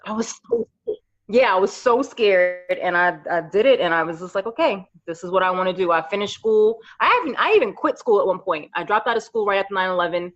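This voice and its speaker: A woman in her thirties from New York, a podcast guest telling her career story in lively casual chat. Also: medium pitch, a little fast. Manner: animated storyteller, acts out quoted voices. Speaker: podcast guest, makeup artist. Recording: slightly dull lo-fi audio.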